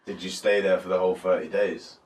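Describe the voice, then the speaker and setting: A chatty, sweary man hosting a casual talk, nodding along and laughing often. His voice is pitched in the middle for a man. The room is echoey and noisy, and he sits a little away from the mic. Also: steady tone, brisk. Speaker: podcast host. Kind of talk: casual chat. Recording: echoey room, distant mic, background noise.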